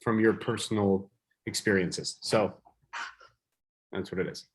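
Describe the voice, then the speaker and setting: A man answers from the audience in a slightly low voice, feeling his way toward the words. He sounds unsure and keeps rephrasing as he goes. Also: steady tone, a little slow. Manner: hesitant, searching for words. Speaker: audience member.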